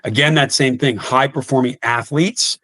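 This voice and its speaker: A guest coach in his fifties speaks earnestly on a podcast interview, his medium-pitched voice bright and forceful at normal speed in a dry recording. He often repeats words and restarts sentences.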